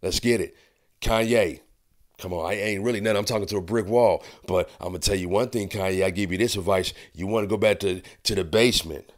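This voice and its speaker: Low-voiced man ranting casually. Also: brisk. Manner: rambling, profane, laughing, chiding. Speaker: host. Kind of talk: casual commentary vlog.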